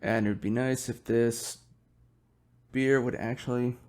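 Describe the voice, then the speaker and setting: A man's voice: medium pitch, steady tone, measured pace, a little mellow, smooth. A young man hosting his own podcast, chatting casually and rambling while he drinks beer, swearing often and yawning. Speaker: podcast host.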